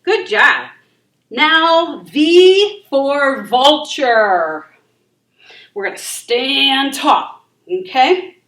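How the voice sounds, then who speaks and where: A woman leading a children's yoga class in a library room, gentle and encouraging. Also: sits high, expressive, very slow. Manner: encouraging, gentle and sing-song. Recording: echoey room, voice from far off.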